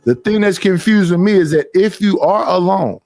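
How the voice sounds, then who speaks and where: Animated, profane storytelling man. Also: sits high, moderate pace, no echo, clean studio sound. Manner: animated storytelling, acting out others in a raised voice, profane. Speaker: podcast host. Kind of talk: casual chat.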